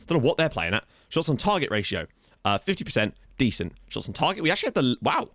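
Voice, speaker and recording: A man's voice: medium pitch, sing-song, quick pace, fairly bright tone, no echo, clean studio sound. Chatty man reviewing game stats. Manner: chatty, thinking aloud, easily amazed. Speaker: let's play host. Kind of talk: casual game commentary.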